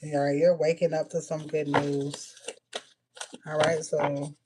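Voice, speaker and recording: Woman giving a blunt rapid-fire reading. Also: deep voice, flat delivery, warm tone, slight background noise. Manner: rapid-fire blunt messages, frequent "all right" and cursing. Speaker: spiritual reader. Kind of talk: casual intuitive reading to viewers.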